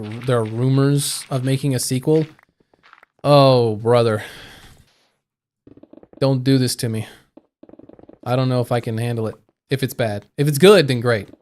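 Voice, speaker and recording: Rambling young man chatting on stream. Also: medium pitch. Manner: rambling, thinking aloud with fillers and restarts. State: hiccuping. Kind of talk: casual live-stream chat.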